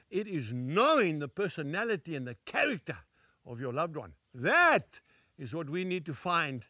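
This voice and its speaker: A man's voice: high-pitched, bright, forceful tone, dry recording. An older man, an evangelist, preaching a sermon to camera on a small studio set in an emphatic, folksy way with repeated phrases.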